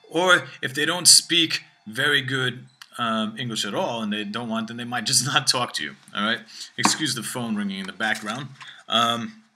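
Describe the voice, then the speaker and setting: A man's voice: mid-range voice, pushed and bright. A man giving a video language lesson, explaining at length and checking in often with "all right?" and "okay?". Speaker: language teacher. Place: room with phone ringing behind.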